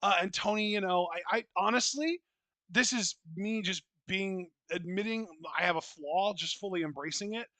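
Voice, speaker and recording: Bright, higher-voiced man ranting casually. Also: normal speed, no echo. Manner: opinionated, blunt and profane, rambling with restarts. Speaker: wrestling podcast co-host. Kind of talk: casual podcast chat.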